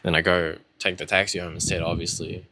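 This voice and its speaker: A man's voice: deep voice, little pitch movement, a little fast, sharp tone. A young man telling his own story in a casual, rambling way, candid, with lots of fillers and swearing.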